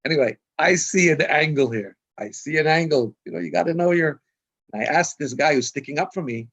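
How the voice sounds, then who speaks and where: A man's voice: fairly high pitch, animated, normal speed, gravelly, fairly bright tone, slightly rough. A man in his fifties, a rabbi, telling anecdotes in a rambling storytelling way, with many restarts and self-corrections, on a video call. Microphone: video call microphone. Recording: dull lo-fi video call audio.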